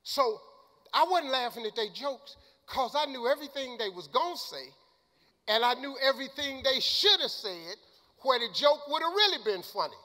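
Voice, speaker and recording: Older guy preaching about finding your gift, high voice, echoey hall. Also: lively intonation, normal speed. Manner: colloquial, emphatic, rises to shouts. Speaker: motivational speaker. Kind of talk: motivational speech with storytelling. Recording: long hall reverb.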